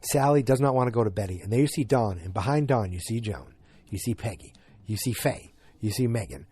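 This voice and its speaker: A man's voice: fairly low pitch, expressive, brisk, dark tone, breathy edge. A man hosting a podcast, chatting through an episode recap in a rambling way that flares into exasperation. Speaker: podcast host.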